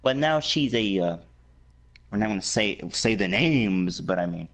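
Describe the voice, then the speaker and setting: A man's voice: lowish voice, lively intonation, measured pace. A young man rambling and teasing crudely in a casual late-night chat as a guest.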